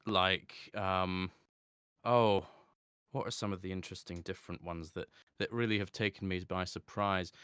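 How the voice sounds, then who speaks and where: A man, a voice actor chatting in an interview, reflective and quick to laugh. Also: on the low side, a bit bright, smooth, no echo, studio quality. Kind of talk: casual interview talk.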